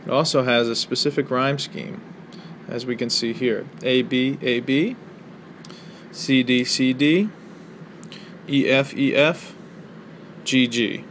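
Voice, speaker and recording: A man with a gravelly, creaky voice walks students through a poetry lesson in a relaxed, explanatory way, often pausing on ums and uhs. He records from a small room with a faint hiss of air conditioning behind him. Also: medium pitch. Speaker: college English instructor.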